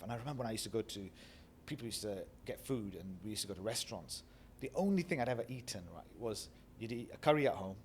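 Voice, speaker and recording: A middle-aged Northern English man from Bradford tells life stories in an interview. His voice sits low, and he acts out the people he quotes. Faint background noise runs under the recording. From Bradford, England. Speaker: guest. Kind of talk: reflective storytelling interview.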